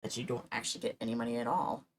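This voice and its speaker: Giggly low-voiced woman streamer. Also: little pitch movement, racing, slight background noise. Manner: giggly, laughs often while storytelling. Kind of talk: casual stream chat.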